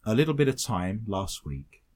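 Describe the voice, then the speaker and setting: British man hosting a lively radio show. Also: lowish voice, moderate pace. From Britain. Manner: dry teasing humour, reads listener messages aloud. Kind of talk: bantering radio show chat.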